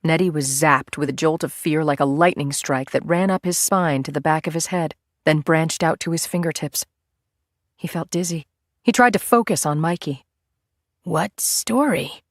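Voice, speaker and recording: A woman reads a thriller audiobook in a low, measured voice. Her narration is steady and even, carrying the tension without rushing. The recording is dry and close-miked. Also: dry recording. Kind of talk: scripted narration.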